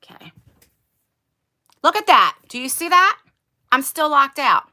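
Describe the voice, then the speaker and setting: Chatty woman on a livestream, bright voice, bounces all over in pitch, talks right to her viewers. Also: sing-song, measured pace. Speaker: beauty YouTuber. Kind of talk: casual livestream chat. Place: converted attic bedroom.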